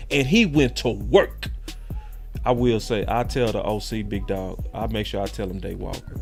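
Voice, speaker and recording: Over soft background music, a sports podcast host speaks at a normal pace in a mid-range voice. His casual talk runs hot, full of slang and repetition.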